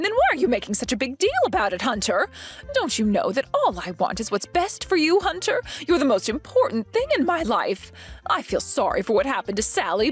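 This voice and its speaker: A woman's voice: a little high, slightly rough. A woman voicing a possessive, domineering mother-in-law. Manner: indignant and accusing. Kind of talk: voiced animated story drama.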